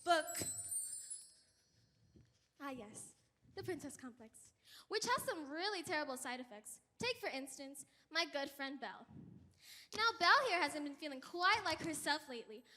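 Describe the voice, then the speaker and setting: A woman's voice: high-pitched, sing-song, normal speed, pauses often, pushed and bright, full character voice. A woman playing a sassy, wisecracking young princess in a live stage musical, making wry, brassy asides to the audience. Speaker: stage actor. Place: school auditorium stage. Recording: long reverb in a big hall.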